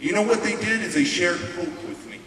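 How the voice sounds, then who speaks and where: High-voiced motivational speaker in a hall. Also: male voice, fairly bright tone. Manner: emphatic storytelling, dramatic pauses. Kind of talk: motivational stage speech. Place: large hall on stage. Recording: echoey hall from far off, hiss.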